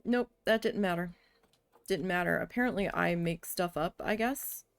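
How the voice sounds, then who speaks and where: A woman streaming a building game, telling a story in a casual, venting way with a lot of swearing, and muttering quietly to herself while she builds. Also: fairly low pitch, normal speed, dry recording. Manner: chatty venting with frequent swearing.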